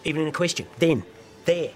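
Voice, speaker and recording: A man's voice: on the high side, fairly quick, faint music behind. A man in his thirties with an Australian accent, complaining in a gloomy, self-pitying way in a scripted sitcom scene. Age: 30s. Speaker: comedic character in a sitcom scene.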